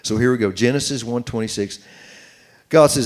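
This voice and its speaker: A middle-aged man preaching on marriage, reading scripture slowly and commenting as he goes. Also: medium pitch. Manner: earnest, reads scripture slowly with running commentary. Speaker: pastor teaching on marriage. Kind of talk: sermon-style Bible teaching.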